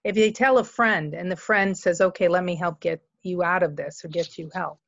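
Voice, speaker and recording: A woman's voice: lowish voice, fairly even intonation, moderate pace, fairly bright tone, dry recording. A woman hosting a radio talk show, speaking in a supportive, affirming way to her guest. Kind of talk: radio interview. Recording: dry, lo-fi radio audio.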